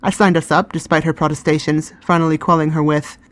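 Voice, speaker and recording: A woman giving calm, scripted first-person narration of a fantasy story. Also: low voice, brisk, dry recording.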